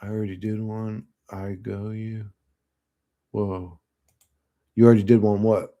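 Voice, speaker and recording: A man's voice: on the low side, level tone, unhurried, lo-fi sound. A man in his late thirties from Florida, talking through viewer comments in a casual, rambling monologue full of profanity and fillers. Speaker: channel host reading viewer comments.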